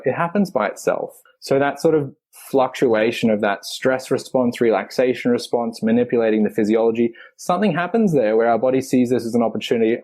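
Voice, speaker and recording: A man, a physical therapist guest on a podcast, explaining in a reflective way with the odd soft laugh. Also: medium pitch, fairly quick. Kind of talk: conversational podcast interview.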